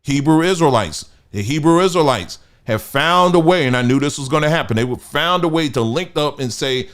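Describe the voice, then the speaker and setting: American guy doing a fired-up commentary monologue, middle-aged, mid-range voice, gets louder and higher when indignant. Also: normal speed, few pauses. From United States. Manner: emphatic, rising when indignant, with mocking quoted voices.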